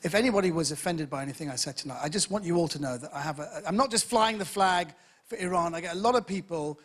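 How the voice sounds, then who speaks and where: A male comedian hosting his own show, doing quick self-mocking stand-up in front of a live audience. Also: a little high, slight background noise. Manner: rapid self-mocking, slipping into mock voices. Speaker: comedian host. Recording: live show with loud crowd and music. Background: audience laughter and music.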